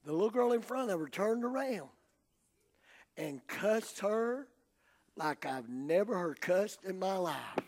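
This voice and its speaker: An older man with a Southern US drawl delivers a sermon in a high voice. He tells folksy stories and swings from hushed, low passages up to shouting. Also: lively intonation, a little slow, vocal fry. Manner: folksy storytelling. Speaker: preacher.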